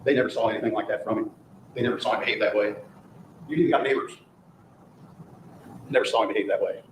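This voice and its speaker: Talking fast in a lowish voice with fairly even intonation, this man gives the prosecution's closing argument, driving points home through rhetoric and repeated phrases. Faint noise and echo fill the courtroom recording.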